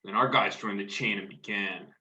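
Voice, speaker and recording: A man playing a rough, swearing young football fan in a staged play reading, telling of street fights. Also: on the low side, moderate pace, dull audio. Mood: shaken. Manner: rough, profane, excited storytelling. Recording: roomy echo.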